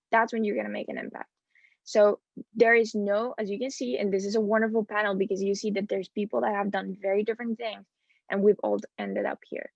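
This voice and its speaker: A woman's voice: mid-range voice, gravelly, darkish tone, no echo. A young woman with a Spanish accent, a student panelist giving earnest, encouraging advice. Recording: dull, muffled dry sound.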